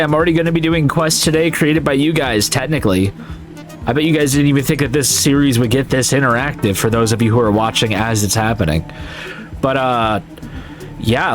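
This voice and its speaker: A man hosting a gaming video, chatting casually and jokingly as he plays, sometimes yelping loudly. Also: mid-range voice. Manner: upbeat and jokey, bursts into loud yelps. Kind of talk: casual gameplay commentary.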